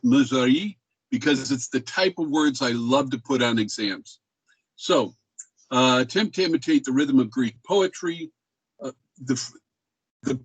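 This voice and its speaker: A male music history teacher lectures in a casual, rambling way, filling pauses with ums and uhs. He voices speech rhythms to make his points. The recording is dry and close, with little room sound. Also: medium pitch, slightly rough, dry recording, low-quality recording.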